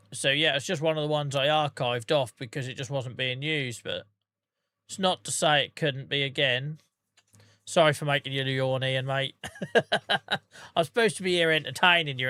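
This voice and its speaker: A man's voice: mid-range voice, fairly even intonation, normal speed, pushed and bright, smooth, dry recording. A man streaming a game, chatting casually with his viewers by name and humming to himself between remarks. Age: adult with a day job. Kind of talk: casual livestream chat while gaming.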